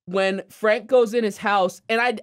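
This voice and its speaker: A woman co-hosting a podcast recaps a cartoon episode in casual chat, acting out character lines with put-on voices. Her mid-range voice is clear and resonant, with fairly even intonation and a slightly slow pace. The sound is dry, clean studio audio.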